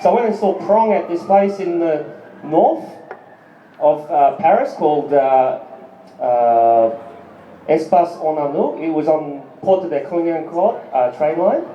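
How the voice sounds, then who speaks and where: A little slow and on the high side, an Australian comedian-musician rambles through a profane stand-up set, with lots of ums and asides to the crowd, at a small live music venue. The recording is far-off, lo-fi, and echoey, with a little hiss or hum.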